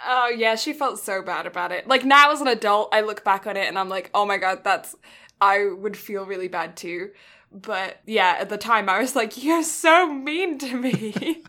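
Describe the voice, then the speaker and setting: Woman, podcast co-host, bright and giggly, relaxed chatty storyteller. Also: mid-range voice, moderate pace. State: hiccuping. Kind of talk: casual chat.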